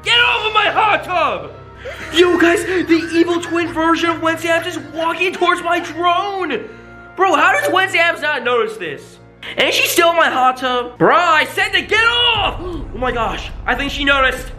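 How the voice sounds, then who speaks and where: A reaction video host giving excited commentary, shouting and gasping often. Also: extremely high pitch, normal speed. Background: background music.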